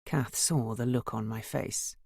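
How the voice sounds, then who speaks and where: A woman narrating a first-person novel as an audiobook, measured and wry. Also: rumbling low, fairly even intonation, creaky, darkish tone, no echo, clean studio sound.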